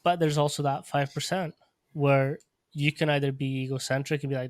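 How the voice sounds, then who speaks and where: A man who coaches athletes and hosts a podcast, talking in a measured, reflective way. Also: on the high side, steady tone, no room sound, clean studio sound. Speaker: podcast host, strength coach. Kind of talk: casual podcast conversation.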